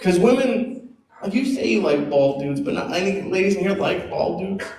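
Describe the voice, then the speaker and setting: A man's voice: high-pitched, expressive, moderate pace, darkish tone. A man doing self-deprecating stand-up, chuckling often between jokes. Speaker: stand-up comic. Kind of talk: stand-up comedy. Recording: roomy club sound from a distance. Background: laughing crowd.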